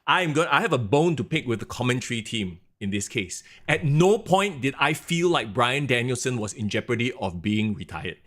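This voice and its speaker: A man's voice: mid-range voice, sing-song, moderate pace, few pauses, a bit bright. A man, co-hosting a casual wrestling podcast, ranting animatedly and mimicking announcers. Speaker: podcast co-host.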